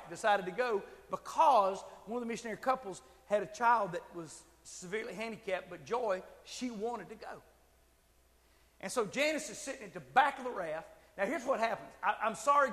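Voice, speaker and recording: High-voiced preacher in a reverberant hall. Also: male voice. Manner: animated storytelling, rising to shouted emphasis. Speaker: pastor. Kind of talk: sermon.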